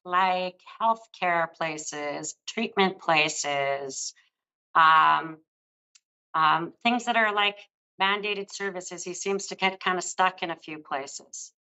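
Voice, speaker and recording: A woman's voice: fairly low pitch, slow pace, bright, forceful tone, smooth, poor audio. An older woman giving a psychic reading on a live show, speaking in a soothing, affectionate way to a caller. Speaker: psychic reader.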